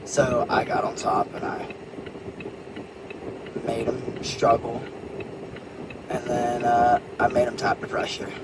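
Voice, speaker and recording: A man's voice: mid-range voice, completely flat delivery, takes it slowly, pauses often. A man vlogging, casually and animatedly retelling a quarrel and quoting the other people's words. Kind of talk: casual vlog storytelling. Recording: distant mic, loud street and car noise.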